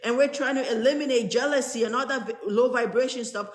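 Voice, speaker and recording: A woman's voice: on the high side, fast, a little hiss or hum. A woman who is a spiritual teacher, reading aloud from a spiritual text to an online group and explaining each passage in plain, earnest words. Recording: roomy echo.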